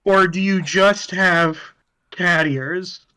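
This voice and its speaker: High, bright-voiced man rambling at the table. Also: extremely slow, clean tone. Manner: rambling, restarting, hesitant with many fillers. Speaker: player. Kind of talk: tabletop game play.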